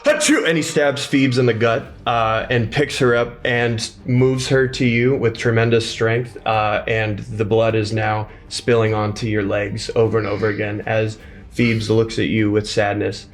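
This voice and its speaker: A man narrating as game master of a tabletop game, halting with many fillers. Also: on the low side, level tone, a little hiss or hum.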